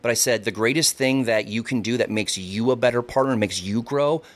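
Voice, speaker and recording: A man's voice: mid-range voice, brisk. A man in casual podcast chat, rambling and swearing freely, often repeating words as he tells stories.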